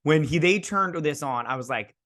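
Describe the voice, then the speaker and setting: A man hosting a show, excitedly recapping an episode like a gushing fan, with lots of fillers and restarts. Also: on the high side, moderate pace. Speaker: host.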